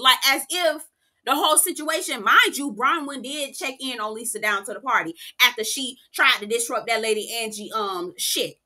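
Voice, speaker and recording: A woman's voice: fairly high pitch, moderate pace, pushed and bright. A young woman giving a casual, profane, slangy recap of a reality show episode. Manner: sassy, profane, slangy storytelling. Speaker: TV recap reviewer.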